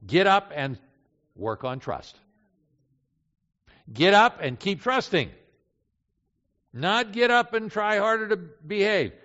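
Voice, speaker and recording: A male pastor preaches with emphasis, hammering key phrases through repetition and asking the crowd rhetorical questions in a fairly high voice. The recording is dull and slightly lo-fi, with the long reverb of a large hall. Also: sing-song, slow, long pauses, a bit bright. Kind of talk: sermon.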